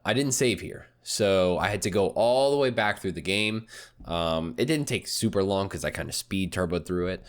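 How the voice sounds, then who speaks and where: A young man hosting a let's-play, reading a visual novel aloud and chatting excitably with lots of swearing and laughter. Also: fairly low pitch. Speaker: gaming channel host.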